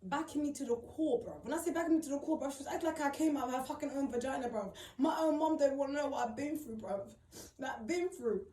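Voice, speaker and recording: A young woman, tearful and upset, recounting a painful personal story in a rambling, repetitive way full of emphatic slang. Her voice sits a little high for a woman. It is recorded from some distance in a roomy, echoing space. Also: fast, warm tone. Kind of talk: emotional personal testimony.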